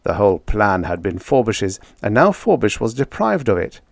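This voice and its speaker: A man with a low voice narrates a vintage science fiction audiobook in a measured, steady way, lifting his delivery at tense moments. The recording is close and dry, with no room sound at all. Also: vocal fry, dry recording. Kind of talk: scripted story narration.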